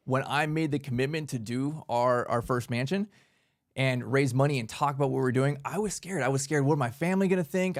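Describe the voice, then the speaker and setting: Fired-up casual man coaching. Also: mid-range voice. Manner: energetic, casual, uses "man" and "right?" often. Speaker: workshop host. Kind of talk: motivational business talk.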